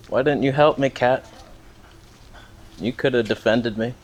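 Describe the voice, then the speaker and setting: A man's voice: medium pitch, measured pace, slight background noise. A man casually vlogging outdoors on a hillside, joking to himself and to the animals around him. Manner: jokey, talks to himself and the animals. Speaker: travel vlogger. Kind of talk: casual vlog narration.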